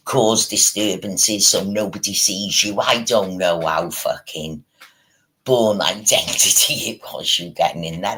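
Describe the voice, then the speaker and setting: A man delivers a sweary, mocking commentary in a slow, unhurried way. His voice is husky and gravelly, yet sharp and bright at the front. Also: low-pitched, rough recording. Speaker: streamer. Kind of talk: ranting commentary.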